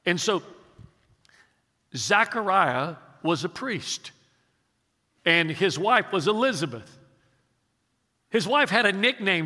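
A man's voice: sits high, bright, forceful tone, in a large hall. A man in his sixties preaching a sermon, stumbling through restarts as he tells a story and growing emphatic as he preaches. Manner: halting restarts while telling a story, emphatic when preaching. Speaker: pastor.

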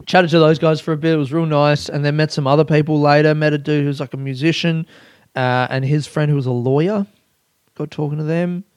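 A man's voice: on the high side, fairly even intonation, a little fast, smooth, dry recording. A young man hosting a casual solo podcast, rambling and self-mocking, swearing often and laughing at himself. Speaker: podcast host.

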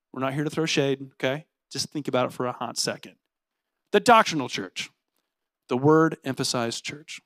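High-voiced, animated young pastor. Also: male voice, dry recording, studio quality. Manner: casual, energetic, says "like" often; animated and playful. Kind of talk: sermon.

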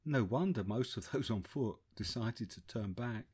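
A man narrating a first-person travel memoir in a measured, descriptive way. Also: mid-range voice, lively intonation, darkish tone, slightly rough. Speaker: audiobook narrator.

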